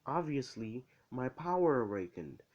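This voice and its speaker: A man's voice: medium pitch, very animated, a little slow, dull audio, voice pushed up. Man doing smug Izuku, boastful teen hero.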